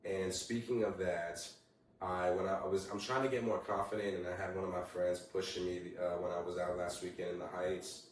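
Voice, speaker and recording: A young man with a low voice hosts a casual solo podcast, swearing freely as he tells animated stories. His voice sits a little away from the mic. A heavy room echo surrounds every word. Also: fairly quick, distant mic, slight background noise. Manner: animated storytelling, heavy swearing, acts out quotes. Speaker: podcast host.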